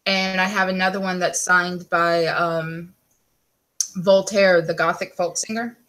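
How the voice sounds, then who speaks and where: A woman chatting casually, with quick asides. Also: lowish voice, fairly even intonation, fairly bright tone. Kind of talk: casual chat.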